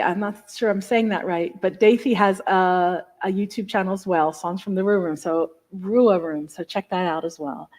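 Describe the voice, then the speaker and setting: A woman hosting a live stream between songs, chatting in a rambling, enthusiastic way with lots of asides. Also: medium pitch. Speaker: live stream host and singer.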